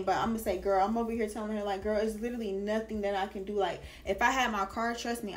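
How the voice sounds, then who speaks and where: A young woman vlogger telling a casual storytime, slangy and chatty with lots of "like" and "girl". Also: medium pitch.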